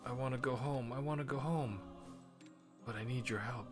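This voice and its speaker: Lost little game fairy, apologetic and pleading; a male streamer reads it softly. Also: normal speed, over music, close to an everyday voice. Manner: soft, pleading, higher than his own voice.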